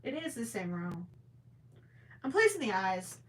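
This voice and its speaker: A woman with a higher-pitched voice hosts a relaxed crochet live stream, chatting to viewers as she works. She thinks out loud and stumbles into quick restarts. Her voice is cracking from hours of talking. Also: a little hiss or hum. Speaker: crochet livestream host. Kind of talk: casual live chat while crocheting.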